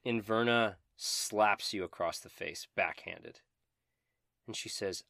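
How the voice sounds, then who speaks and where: Low-voiced man running a tabletop game. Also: takes it slowly, vocal fry, sharp tone, no echo, studio quality. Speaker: game master.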